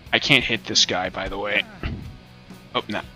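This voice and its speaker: A man's voice: lowish voice, pushed and bright. Joking, swearing man playing a game. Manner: profane, joking, rambling. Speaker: let's play host. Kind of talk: casual gameplay commentary.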